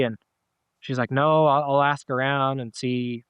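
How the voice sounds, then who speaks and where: A man's voice: medium pitch, fairly even intonation, normal speed, a bit bright, smooth, dry recording. A middle-aged man, a podcast guest, telling a personal story in a casual, rambling way with many fillers and restarts. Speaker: podcast guest, dog owner.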